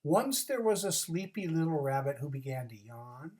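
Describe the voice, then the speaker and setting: A storyteller casually reading a children's book aloud, with chatty asides and expressive narration. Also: medium pitch, normal speed, a little hiss or hum. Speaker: storybook reader.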